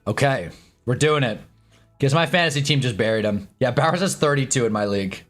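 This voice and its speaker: A man at his desk mic hosts a live sports stream in casual talk. His voice sits at an ordinary middle pitch, and he rambles loosely, swearing as he chats with his viewers. Faint music plays softly under him. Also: animated, a little fast. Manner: loose and chatty, swears, talks to chat. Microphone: own desk mic.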